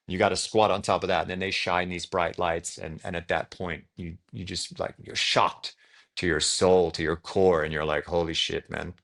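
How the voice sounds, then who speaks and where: A man's voice: sits low, fairly bright tone. A young Australian man, a podcast guest, telling his story in a loose, rambling way full of likes and ums. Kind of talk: casual storytelling in an interview.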